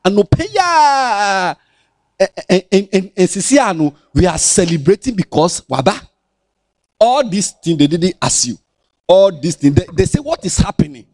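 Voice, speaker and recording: A man with a Ghanaian accent preaching a lively Bible lesson to children, animated and sing-song, teasing his listeners as he talks. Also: high-pitched, moderate pace, no echo.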